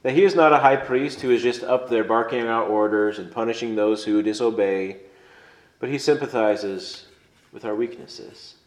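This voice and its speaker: Earnest male preacher in an echoey room. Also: medium pitch. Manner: earnest, conversational, explains step by step. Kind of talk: conversational sermon.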